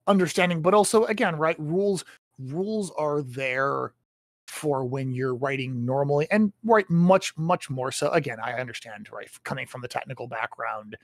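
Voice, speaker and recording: A man's voice: mid-range voice, dry recording. Guy explaining writing stuff, lots of tag questions, pretty dry recording. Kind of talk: casual chat about writing.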